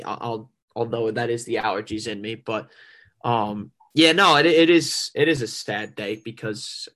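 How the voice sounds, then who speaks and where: A man's voice: medium pitch, moderate pace, a bit bright. A young man co-hosting a sports podcast, talking with enthusiasm and frequent stammered restarts. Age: young adult. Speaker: podcast co-host. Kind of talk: casual sports podcast chat.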